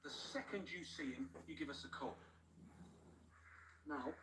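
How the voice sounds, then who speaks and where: A man's voice: a little high, unhurried, a bit bright. An actor playing a volatile, profane male gangster who barks orders and swears. The audio is a film soundtrack played back on a livestream. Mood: aggressive. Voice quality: brash, swearing, barking orders. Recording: film audio heard from far off, noisy.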